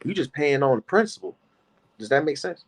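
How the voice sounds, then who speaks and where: A man's voice: on the high side, expressive, brisk, rough recording. A man co-hosting a casual money chat, talking loosely and asking questions. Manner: conversational, loose, asks questions.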